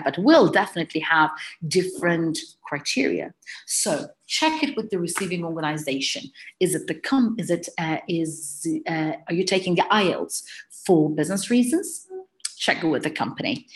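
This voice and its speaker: A British woman who teaches English exam preparation runs a live webinar, answering chat questions conversationally as they arrive. Her voice is fairly low in pitch.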